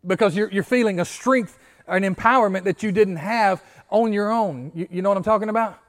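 Speaking a little fast in a high voice, a male pastor delivers an interactive sermon, regularly asking the congregation questions, repeating central phrases, and stammering through false starts.

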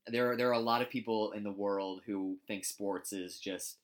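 A man's voice: fairly low pitch, fairly even intonation, moderate pace. A man co-hosting a casual sports talk show, rambling and searching for words with frequent restarts. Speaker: co-host.

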